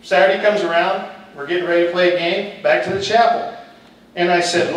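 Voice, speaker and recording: A man's voice: sits high, steady tone, a little fast. A middle-aged man, a football coach and teacher, telling his personal testimony in a candid, humorous storytelling way. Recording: echoey hall, distant mic.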